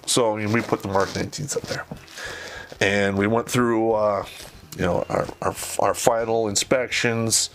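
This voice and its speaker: A man's voice: lowish voice, fairly even intonation, normal speed, a bit bright, a little hiss or hum. A man telling a war story in casual, profane speech, acting out the voices of the people he quotes.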